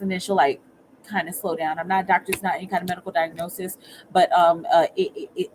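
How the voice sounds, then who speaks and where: A woman's voice: fairly low pitch, a little mellow, slight background noise, poor audio. Chatty woman giving a tarot reading. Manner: chatty, checks in with viewers with repeated "okay?"; halting, often repeats and restarts words. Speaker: tarot reader. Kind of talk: casual livestream tarot reading.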